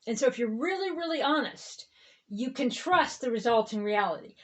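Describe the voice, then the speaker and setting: A woman reverend giving a rambling spiritual talk in a conversational way, often checking in with "okay?" and "right?". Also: fairly high pitch. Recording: dull lo-fi recording.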